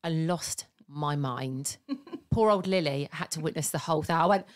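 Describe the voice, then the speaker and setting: A woman's voice: sits low, normal speed, heavy background noise. A woman co-hosting a casual podcast from a studio, telling stories and laughing often. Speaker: podcast co-host. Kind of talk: casual chat.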